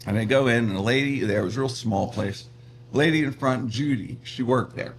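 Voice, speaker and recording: Middle-aged male guest, animated storyteller with faint background hum. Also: mid-range voice, fairly quick. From Pittsburgh, USA. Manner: animated, laughs often, acts out voices in his stories. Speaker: comedian and radio personality guest. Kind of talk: casual storytelling interview.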